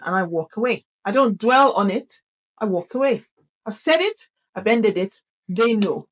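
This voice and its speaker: Animated, emphatic woman teacher. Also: medium pitch, moderate pace, low-quality recording. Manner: animated, emphatic, repeats key phrases for effect. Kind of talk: instructional talk to camera.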